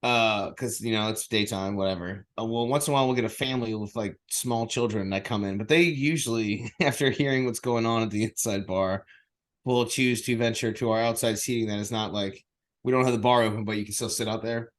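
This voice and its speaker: A man's voice: lowish voice, fairly quick. Laughing, foul-mouthed male podcast storyteller. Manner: laughing, profane storytelling with acted quotes. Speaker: podcast co-host, bartender. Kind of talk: casual podcast chat. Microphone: remote call mic.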